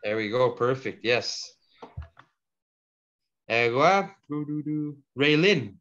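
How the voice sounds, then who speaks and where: A man teaching a language class, patiently explaining word forms and repeating each example slowly for the learners. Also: mid-range voice, expressive, fairly bright tone. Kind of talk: online language lesson. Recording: dull lo-fi audio.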